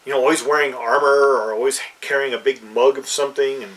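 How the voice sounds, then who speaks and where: A man's voice: medium pitch, steady tone, quick pace, a bit bright, far from the mic, poor audio. A man co-hosting a casual chat about fantasy games, rambling with many fillers and restarts. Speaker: podcast co-host.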